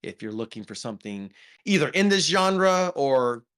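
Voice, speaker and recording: A man's voice: mid-range voice, big pitch swings, normal speed, fairly bright tone. A man co-hosting a podcast, chatting casually about films with lots of ums and restarts. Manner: rambling, many ums and restarts. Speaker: podcast co-host. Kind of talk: casual movie review chat.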